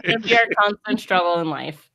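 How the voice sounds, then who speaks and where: A woman's voice: lowish voice, expressive, moderate pace, a loud crowd. A woman co-hosting a podcast, chatting in a giggly, playful way. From United States. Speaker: podcast co-host. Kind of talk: casual chat.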